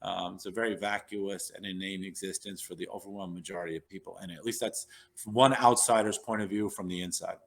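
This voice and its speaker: A man's voice: low-pitched, fairly even intonation, fast, vocal fry. A man in his fifties telling long, rambling stories as an interview guest, with many fillers and restarts. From New York. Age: 50s. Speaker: podcast guest, neurologist. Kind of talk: casual storytelling interview.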